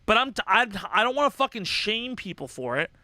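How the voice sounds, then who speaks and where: A man's voice: high voice, big pitch swings, fairly quick, bright, forceful tone, no echo. A young man hosting a casual livestream, talking in an impassioned, profane, rambling way with many restarts. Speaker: livestream host.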